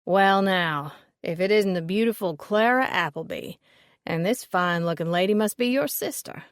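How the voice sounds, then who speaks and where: A woman voicing a portly, pompous older man, a leering collector who talks in a loud, brassy drawl. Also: fairly low pitch, expressive, normal speed, no room sound, clean studio sound. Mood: brash, leering. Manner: boastful, overfamiliar. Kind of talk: audiobook character reading.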